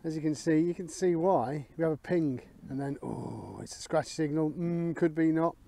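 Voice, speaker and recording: A man's voice: on the high side, moderate pace, vocal fry, mellow, slight background noise. A middle-aged Englishman with a slightly raised voice talks to his viewers while out in a field. He thinks aloud over each find and keeps up a running, casual commentary. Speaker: metal detecting vlogger.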